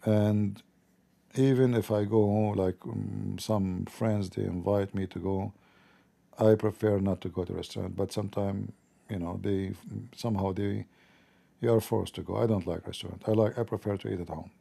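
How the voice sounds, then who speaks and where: Man, live stream host, casual chat, mellow, gravelly, laughs a lot. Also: lowish voice, steady tone, moderate pace. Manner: chatty, laughs often, non-native grammar.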